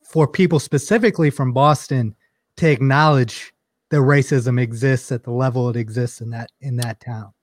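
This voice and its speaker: A man's voice: medium pitch, fairly even intonation, normal speed, no echo, clean studio sound. A man co-hosting a podcast, asking a probing interview question. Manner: probing, questions ending in "right?". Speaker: podcast co-host.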